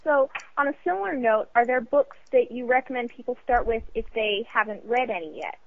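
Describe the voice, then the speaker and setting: A woman co-interviewer asking measured questions. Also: fairly high pitch. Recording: tinny phone-like line.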